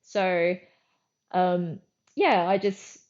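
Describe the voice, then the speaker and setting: A middle-aged Australian woman, a guest artist, telling lively anecdotes in a casual interview, acting out her own lines and often restarting sentences. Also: on the low side, drawn-out words, dull audio.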